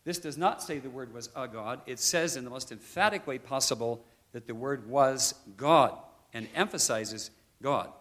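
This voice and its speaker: A man preaching a Bible teaching with a bright, forceful voice. He explains and stresses key words emphatically, pausing and restarting as he goes. His voice is a touch congested, with some throat clearing. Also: mid-range voice, lively intonation. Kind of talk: sermon.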